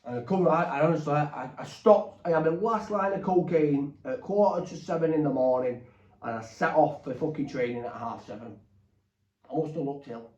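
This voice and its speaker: A man's voice: a little high, normal speed, darkish tone. A man, a podcast guest telling his own story candidly in a blunt, swearing, rambling way. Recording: roomy, distant, dull.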